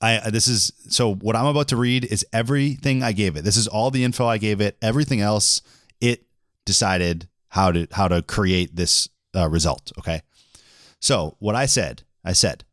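A man in his thirties from Boston co-hosts a casual podcast, his voice sitting low. He reads a script aloud in a flat, deliberate way. The mic is close and dry, with no room sound. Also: no room sound. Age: 30s. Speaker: podcast co-host.

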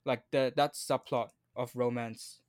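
A young man with an Australian accent co-hosts a casual podcast. He talks in a relaxed way, stopping and restarting his sentences often. His voice sits at an ordinary middle pitch. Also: unhurried. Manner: hesitant, many fillers and restarts. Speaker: podcast co-host. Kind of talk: casual chat.

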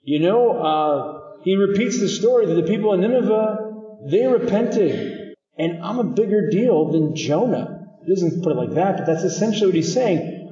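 A man's voice: sits high, animated, normal speed, dark tone. A man, a priest, giving a chatty homily to children and quizzing them by name. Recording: dull distant recording in an echoey hall.

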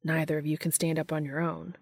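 A woman's voice: sits low, little pitch movement, fairly quick, gravelly, no room sound, studio quality. A woman reading a fan story aloud, voicing a practical, concerned younger brother in a matter-of-fact way.

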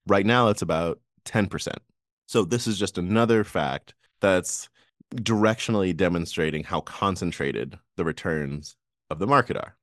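A man's voice: low voice, no room sound, studio quality. A man co-hosting a podcast, chatting casually about the markets, laughing often and rambling through restarts. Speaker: podcast co-host. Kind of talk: casual finance chat.

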